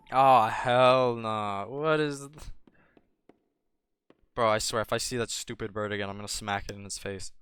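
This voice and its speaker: A man's voice: mid-range voice, pushed and bright, smooth, no room sound. A young man commentating his gameplay, trash-talking and yelping when startled. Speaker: gaming streamer.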